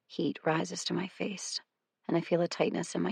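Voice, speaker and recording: A woman reading a first-person novel aloud as an audiobook narrator, in a wry, measured storytelling manner. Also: on the low side, little pitch movement, vocal fry, slightly rough, no room sound, clean studio sound.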